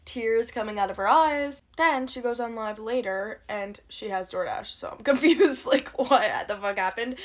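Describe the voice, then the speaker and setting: A young woman recapping drama in a casual, fast and sarcastic gossip style, swearing freely. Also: on the high side. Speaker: commentary youtuber.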